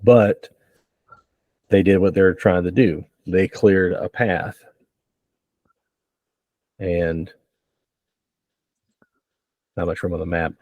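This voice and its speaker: A man running a tabletop game as game master, narrating with relaxed banter and frequent laughs. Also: low-pitched, takes it slowly, pauses often, dry recording, narrow, tinny audio.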